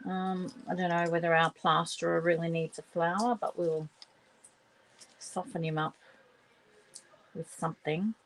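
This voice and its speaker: Gravelly woman chatting while crafting. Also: lowish voice, steady tone, measured pace, pauses often, poor audio. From Australia. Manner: muttering to herself while working, chatting to viewers. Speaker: papercraft livestream host. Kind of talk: casual crafting livestream chat.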